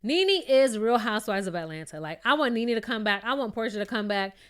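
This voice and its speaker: Smooth-voiced woman ranting about TV. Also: on the high side, fairly quick. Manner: animated, opinionated, rhetorical questions. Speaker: reality TV recap vlogger. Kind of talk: casual ranting show recap.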